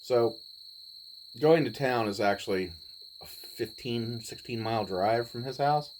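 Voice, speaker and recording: A man in his forties, telling a personal story in a laid-back, rambling way with pauses. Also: medium pitch, darkish tone, slight background noise, poor audio. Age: 40s. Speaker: vlogger. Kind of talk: casual storytelling.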